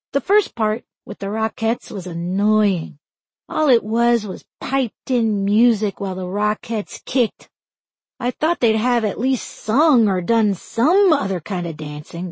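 A woman narrating a first-person audiobook in a wry, deadpan teenage voice. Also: fairly high pitch, no room sound.

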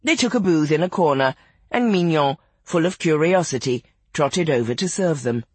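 A narrator reading a literary novel aloud in an expressive, measured audiobook style. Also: mid-range voice, husky, no room sound.

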